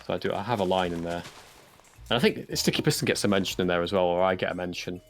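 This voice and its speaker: Low English male voice, chatty and self-correcting, light music behind. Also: fast talker. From England. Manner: rambling, self-correcting, jokey. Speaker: Minecraft map maker and voice actor. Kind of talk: casual chat on a livestream.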